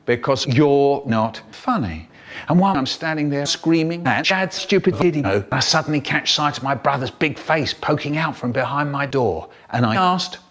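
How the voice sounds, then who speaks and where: Man telling a comic story, lively pitch. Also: moderate pace. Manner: animated, exaggerated storyteller. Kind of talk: comic first-person storytelling.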